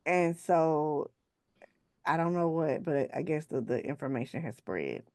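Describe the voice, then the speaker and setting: A woman author as a podcast guest, telling casual, animated stories in a colloquial way. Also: sits low, measured pace, no room sound, studio quality. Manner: animated, colloquial, acts out voices of others. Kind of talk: casual storytelling interview.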